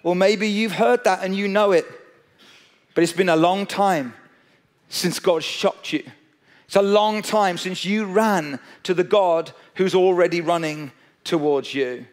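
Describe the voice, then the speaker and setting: A man preaching a sermon, telling a story with animated energy and speaking straight to his listeners. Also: high-pitched, unhurried. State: out of breath.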